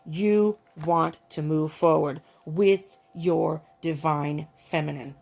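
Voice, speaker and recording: A woman doing a tarot reading, talking in a gushing, excitable way, often breaking off with exclamations and restarting her sentences. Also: deep voice, slow, creaky. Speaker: tarot reader.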